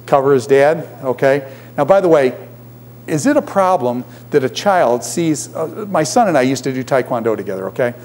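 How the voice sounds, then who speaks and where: A man's voice: mid-range voice, expressive, normal speed, a little mellow, slight background noise. A middle-aged man teaching a class, lecturing and constantly posing questions to his students. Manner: poses frequent questions to the class.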